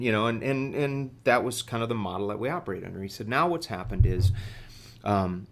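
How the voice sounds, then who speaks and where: Man, middle-aged, lowish voice, halting, lots of fillers, podcast storytelling. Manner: halting, many fillers and repeated words. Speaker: guest executive.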